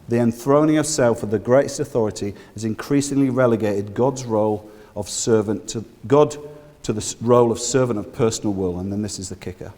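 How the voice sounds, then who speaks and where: A man preaching a sermon to a congregation, conversational, asking the room questions and dropping to a hush for stories. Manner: drops to a low hush when telling a story. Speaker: guest preacher. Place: church hall. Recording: long reverb of a church hall.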